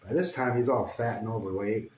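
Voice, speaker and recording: A man telling a crude, meandering comic story with deadpan asides. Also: fairly low pitch, brisk. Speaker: comedic storyteller. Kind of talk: rambling improvised comic story. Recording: echoey room with faint ambient noise. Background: guitar playing.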